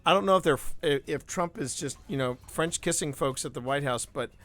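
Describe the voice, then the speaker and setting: A bright, fairly high male voice hosting a casual gaming stream. He chats along loosely, laughing and correcting himself mid-sentence, with faint music underneath. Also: fairly quick. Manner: animated, laughing asides and self-corrections. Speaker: stream host. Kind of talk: casual live-stream chat while gaming.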